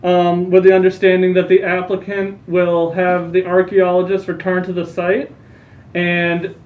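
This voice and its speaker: A man running a commission meeting, stating motions and calling the roll in order. His high voice barely moves in pitch and comes through a roomy, phone-like connection. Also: unhurried. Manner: procedural, even. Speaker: commission chair. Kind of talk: chairing a public meeting. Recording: echoey phone-like line.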